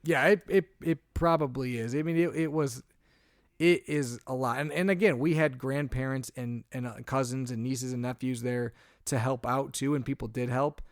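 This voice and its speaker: A man's voice: moderate pace, no echo. Dry-voiced man telling a story animatedly. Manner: animated storytelling, gets louder and higher when exasperated. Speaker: podcast co-host. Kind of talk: casual chat.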